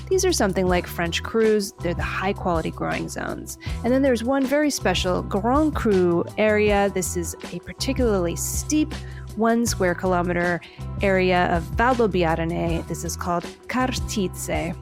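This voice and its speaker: A woman podcast host giving an enthusiastic scripted narration of a wine tasting, spelling out terms as she goes. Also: medium pitch. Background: music.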